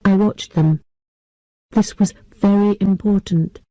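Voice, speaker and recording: A woman reading a simple graded story aloud for English learners, in short, clear, evenly paced sentences. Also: mid-range voice, steady tone, slow pace, warm tone, no room sound, muffled recording. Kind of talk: scripted narration for English learners.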